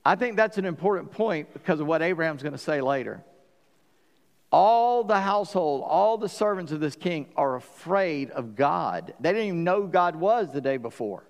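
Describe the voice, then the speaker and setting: A man preaching a sermon as pastor, lively and animated, acting out the voices in the story. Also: fairly high pitch, moderate pace, long reverb tail.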